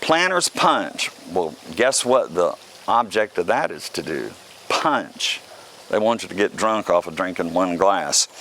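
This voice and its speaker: A man from the Carolina coast talks casually to the camera, with a fairly low voice. His delivery is folksy and chatty, full of little jokes. Faint background noise sits under the voice. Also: fairly bright tone. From South Carolina Lowcountry. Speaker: vlog host.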